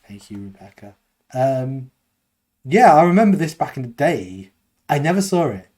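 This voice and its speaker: A man's voice: mid-range voice, very animated, normal speed, darkish tone. A young British man co-hosting a podcast in casual chat, rambling and self-deprecating, laughing often. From United Kingdom. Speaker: podcast co-host.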